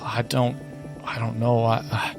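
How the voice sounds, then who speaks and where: A man's voice: mid-range voice, monotone, a little slow, faint music behind, close to an everyday voice. A man voicing a wounded ship captain who stammers hesitantly and apologizes in a tabletop game. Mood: shaken. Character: shaken, wounded older male ship captain.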